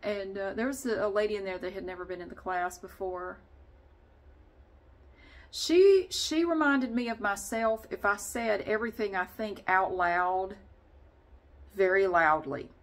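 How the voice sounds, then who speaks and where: A woman's voice: medium pitch, measured pace. A woman vlogger chatting casually and rambling, often laughing as she talks. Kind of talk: casual vlog chat.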